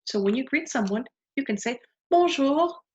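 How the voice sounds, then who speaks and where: Speaking fairly quickly in a slightly rough, somewhat high voice, a woman leads a beginner language lesson. She patiently models phrases and has the listener repeat them, and the recording sounds dull and lo-fi.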